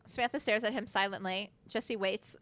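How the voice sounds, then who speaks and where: A woman's voice: mid-range voice, steady tone, moderate pace, a bit bright. A young woman streaming a game, reading its text aloud with chatty, giggly commentary and casual swearing. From United States.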